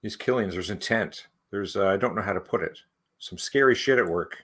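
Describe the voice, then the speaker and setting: A man's voice: fairly low pitch, brisk, a bit bright, husky. A man hosting a casual comic book breakdown, laid-back and laughing often. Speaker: comic review host.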